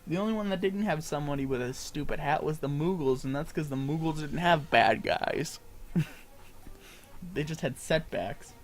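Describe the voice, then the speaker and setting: A man's voice: on the high side, normal speed. A man casually commenting on a game he is streaming, rambling with a lot of filler words. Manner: rambling, heavy use of filler "like".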